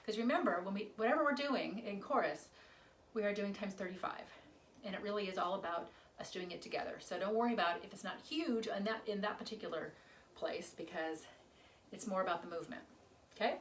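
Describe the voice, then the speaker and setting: A woman's voice: mid-range voice, fast talker, slight background noise. Chatty woman teaching choreography, roomy. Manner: chatty, half-sings lyrics while demonstrating moves. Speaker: chorus choreography instructor. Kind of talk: casual dance instruction. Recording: roomy, recorded from a distance.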